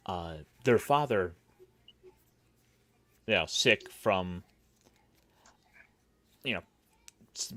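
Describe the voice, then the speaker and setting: A man's voice: on the low side, a bit bright, no room sound. A man hosting a casual roundtable chat, recapping with wry, mocking asides. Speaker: podcast host.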